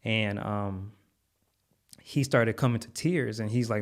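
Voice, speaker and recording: A man with a fairly low voice tells a story in earnest, heartfelt conversation. He repeats words and leans on fillers as he goes. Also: takes it slowly, long pauses. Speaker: podcast guest, content creator.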